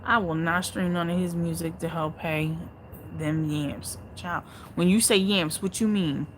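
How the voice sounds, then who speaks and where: A woman hosting a casual livestream, reading viewer comments aloud and reacting to them bluntly, with heavy swearing, swinging between low muttering and loud outbursts. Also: steady tone, unhurried, slight background noise, poor audio.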